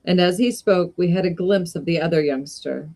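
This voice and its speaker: A woman reading a classic short story aloud in an unhurried way, with brief casual asides. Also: lowish voice, a little mellow. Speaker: reader of short stories.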